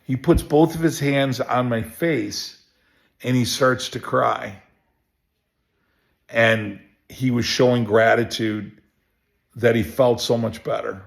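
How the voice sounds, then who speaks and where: A chiropractor telling a personal story in a relaxed, rambling way, full of restarts and fillers. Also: male voice, mid-range voice, slow pace, gravelly, long pauses. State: emotional. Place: home.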